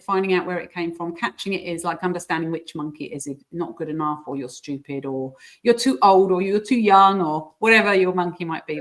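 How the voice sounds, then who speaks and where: A woman appears as a guest coach in a relaxed interview, walking through coaching methods and occasionally slipping into squeaky voices for her examples.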